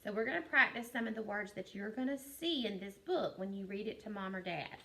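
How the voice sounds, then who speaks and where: A woman teacher giving a recorded phonics lesson to young children, sounding out words slowly and clearly and praising them. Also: mid-range voice, animated, a bit bright, slight background noise.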